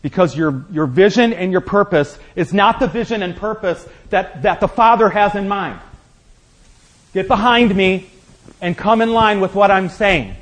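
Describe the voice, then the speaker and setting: High-voiced man preaching a sermon. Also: moderate pace, low-quality recording. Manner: preaching with rising rhetorical questions and acted-out quotes. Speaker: pastor.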